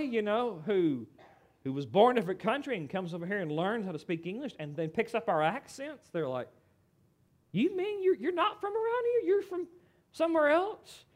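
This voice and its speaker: A middle-aged American man preaching a sermon in an animated, conversational way, with asides to the congregation. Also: high-pitched. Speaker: pastor.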